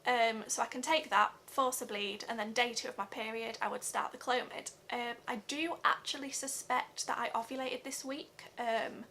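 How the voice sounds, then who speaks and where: A young woman giving an earnest personal vlog update, talking haltingly with many fillers. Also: on the high side, fairly even intonation, pushed and bright, slight background noise. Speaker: vlogger.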